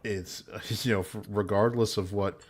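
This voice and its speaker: A man co-hosting a casual stream, rambling with halting restarts about movies. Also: fairly low pitch, steady tone. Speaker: podcast co-host. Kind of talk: casual hangout stream chat.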